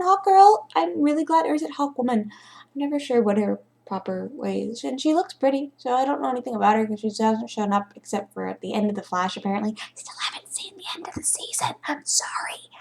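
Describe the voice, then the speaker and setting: A woman's voice: sits high, creaky. A young woman vlogging her reaction, rambling and fretful, now and then dropping into whispered asides. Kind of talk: casual reaction vlog.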